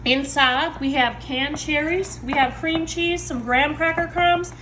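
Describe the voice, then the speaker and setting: A woman, showing desserts in her home kitchen in a chatty, excitable way, talking to viewers. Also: high-pitched, unhurried, a little hiss or hum. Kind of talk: casual cooking video. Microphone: phone.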